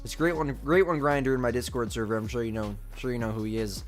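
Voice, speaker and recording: A man's voice: medium pitch, fairly even intonation, fast talker, faint music behind. Male game streamer, young adult, laid-back live commentary, answers chat, slight cough. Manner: casual, reads and answers chat aloud.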